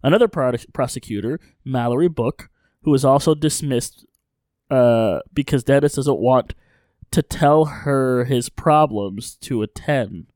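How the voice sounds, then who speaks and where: A man co-hosting a podcast, chatting casually and recapping an episode in a relaxed, agreeable way. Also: medium pitch, a little slow, dry recording, clean studio sound. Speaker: podcast co-host.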